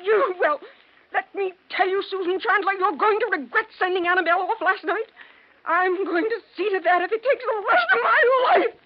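A woman's voice: extremely high pitch, steady tone, fairly quick, a little hiss or hum. An actress playing a vengeful older woman in a 1940s radio drama, delivering cold, menacing threats. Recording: dull old radio recording.

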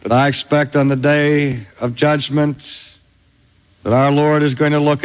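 Male preacher, high voice, slow deliberate delivery, echoing hall; sermon read. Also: little pitch movement. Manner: slow, dramatic emphasis with long pauses. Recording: long hall reverb.

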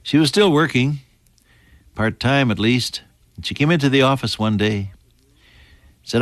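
An older man preaching a sermon. He rises to loud emphasis on scripture and drops to soft, near-whispered lines. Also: mid-range voice, a little slow, pauses often, dry recording. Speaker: pastor.

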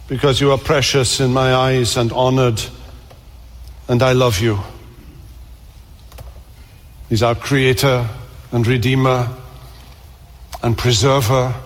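A man preaching a sermon in earnest tones, repeating words and slowing down for emphasis. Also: medium pitch, long reverb tail.

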